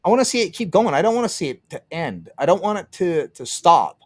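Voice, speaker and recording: Sing-song and high, the Canadian streamer's voice moves fairly quickly over a dry recording. On his casual livestream he rambles and swears, laughs often, and plays out what others said.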